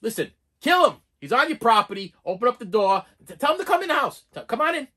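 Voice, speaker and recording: Excitable man rambling through reviews. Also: extremely high pitch, quick pace. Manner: excitable, rambling, with many restarts and fillers. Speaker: movie reviewer. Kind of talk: casual video review.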